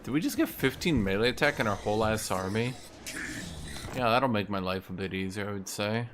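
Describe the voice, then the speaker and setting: A man's voice: lowish voice, lively intonation, brisk, noisy background. A man hosting a gaming video, chatting casually and profanely as he thinks aloud through his moves. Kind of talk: casual gameplay commentary.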